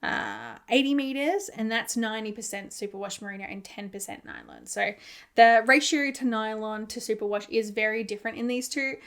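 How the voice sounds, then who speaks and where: A woman with a fairly high, bright, expressive voice hosts a knitting podcast at a brisk clip. Her casual chat rambles, peppered with "like," and she laughs at her own mishaps.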